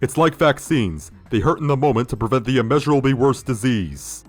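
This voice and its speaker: A man's voice: mid-range voice, lively intonation, fairly quick, faint music behind. A man hosting a critical video review, sardonic and profane. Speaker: video essay host.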